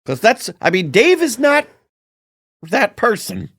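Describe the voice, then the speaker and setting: A man chatting on a podcast with a slightly high voice that swoops up and down with lively expression. He jokes and riffs readily, heard close and dry with no room sound. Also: no room sound. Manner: animated, quick to joke and riff. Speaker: podcast co-host. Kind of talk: casual chat.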